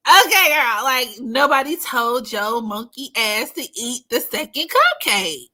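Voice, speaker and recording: A woman tells a story on her channel in a loose, animated way. Her voice sits a bit high and sounds bright and forward. She swears freely and laughs often. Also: measured pace, few pauses. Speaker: astrology streamer. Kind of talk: casual storytelling chat.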